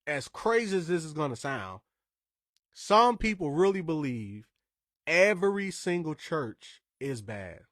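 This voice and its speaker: Male podcast host from Indiana, casual and emphatic, slightly high voice, dry studio sound. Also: sing-song, unhurried, a bit bright, no echo. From Indiana, USA. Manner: emphatic, conversational, wandering asides.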